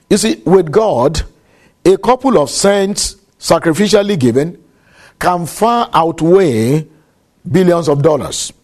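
A man preaching a sermon, measured and deliberate, repeating key phrases for emphasis. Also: high-pitched, dark tone.

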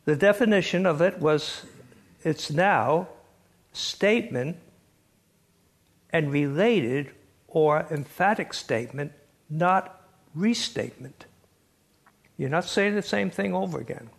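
Older guy lecturing to a class, gravelly voice, kinda high, chuckles a lot. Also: expressive, takes it slowly, pauses often. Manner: wry, chuckling storyteller, reads quotes aloud. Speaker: lecturer on biblical poetry.

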